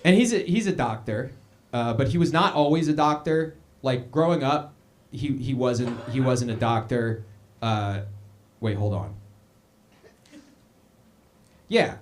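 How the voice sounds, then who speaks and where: A young man hosting a live comedy show, telling a stand-up bit on stage with an animated delivery and quick put-on voices. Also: mid-range voice. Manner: animated, puts on voices for quoted people.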